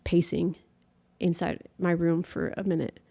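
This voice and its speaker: Young adult woman, interview guest; earnest, emotional, halting storyteller. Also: on the low side, level tone, creaky, warm tone, husky. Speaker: guest musician. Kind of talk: personal faith story in an interview.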